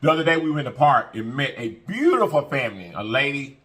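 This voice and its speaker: A man's voice: medium pitch, very animated, fast, a bit bright. A man hosting an eating show, talking earnestly and a little preachily to his viewers, repeating phrases and addressing them as y'all. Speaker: mukbang eating-show host. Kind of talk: casual heartfelt talk to camera.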